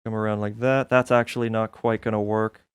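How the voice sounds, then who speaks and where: A man's voice: lowish voice, little pitch movement, a little fast, smooth, no room sound. A man streaming a modded building game, chatting casually and thinking aloud as he plays, often laughing at his own mistakes. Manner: self-mocking, thinking aloud, laughs at himself. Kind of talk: casual gameplay commentary.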